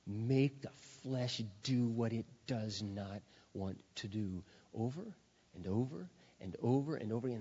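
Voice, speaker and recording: A middle-aged male pastor preaching a sermon, forceful and emphatic, dropping to quiet intensity at times. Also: mid-range voice, measured pace, slightly rough. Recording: dull sound with long hall reverb.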